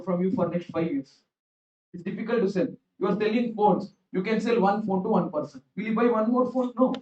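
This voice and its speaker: A man teaching an exam revision class, telling stories in an animated way and repeating his phrases. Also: sits high. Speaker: accounts teacher. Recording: roomy, distant, dull classroom recording.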